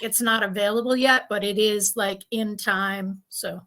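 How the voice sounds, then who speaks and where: A woman's voice: medium pitch, fairly even intonation, unhurried, a bit bright, poor audio. A woman on a chat panel, thinking aloud in a chatty way.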